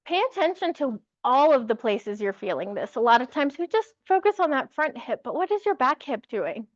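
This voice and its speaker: A woman teaching a yoga class, giving calm, encouraging cues and laughing lightly now and then. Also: sits high, moderate pace, no room sound, lo-fi sound. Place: yoga studio with music.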